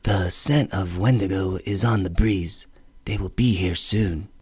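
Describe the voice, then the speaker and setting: Brief: man reading a grave woman scout, low husky voice, very dry sound, measured warnings, audiobook. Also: dry recording, heavily acted. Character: calm tribal woman scout, grave and wary.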